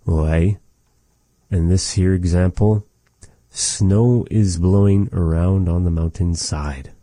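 A man giving a casual vocabulary lesson, repeating each word slowly and adding chatty, joking asides. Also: low voice, fairly even intonation, warm tone, no echo. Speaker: language teacher.

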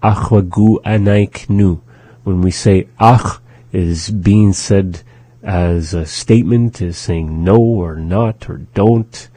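A man hosting a radio language lesson, repeating each phrase slowly and carefully. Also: sits low, fairly even intonation, dark tone, husky, dry recording. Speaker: language teacher and radio host. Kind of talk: slow instructional language lesson.

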